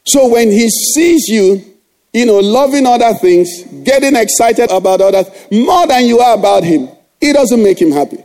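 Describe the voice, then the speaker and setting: A man's voice: very high-pitched, expressive, normal speed, darkish tone. A middle-aged male pastor preaching a sermon, exhorting the congregation with rhetorical questions.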